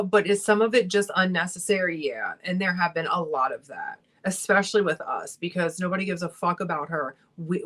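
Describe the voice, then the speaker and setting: A young woman chats on a livestream while doing her makeup, her voice sitting a little low. She talks bluntly and heatedly, ranting with frequent swearing. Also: a bit bright. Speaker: beauty vlogger hosting a livestream.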